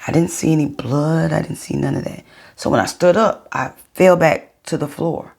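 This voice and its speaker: A middle-aged woman vlogging, telling her viewers a personal story in a chatty, unhurried way. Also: sits low, vocal fry, darkish tone, husky.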